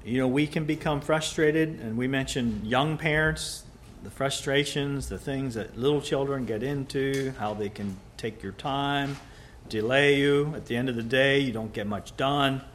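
A man preaching a sermon, rising to loud emphatic peaks and dropping to quiet, soft passages. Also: mid-range voice, measured pace, few pauses, a little hiss or hum.

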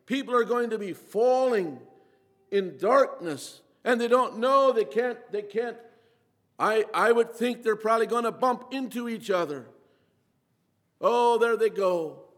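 High-voiced man preaching in an echoing hall. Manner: earnest, repeats phrases, slows for emphasis. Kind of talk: sermon.

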